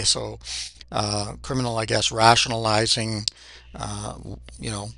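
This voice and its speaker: A gravelly-voiced Canadian man hosts a music reaction video, chatting casually and thinking out loud with plenty of "uh" fillers. His tone is bright and forward, and the recording is dry and close, with no room echo. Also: lowish voice, unhurried. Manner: chatty and reflective, with frequent "uh" fillers.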